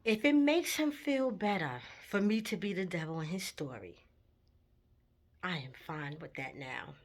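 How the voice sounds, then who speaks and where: A woman's voice: on the low side, expressive, a little slow. A woman telling a personal story in a candid, emotional vlog, with her intensity rising at times. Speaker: vlogger.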